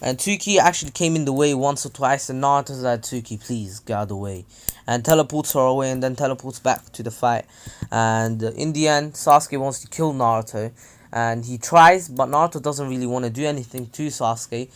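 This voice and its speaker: A man's voice: medium pitch, a little fast, clean tone. A young man casually retelling a fan-made story, rambling with frequent fillers and self-corrections.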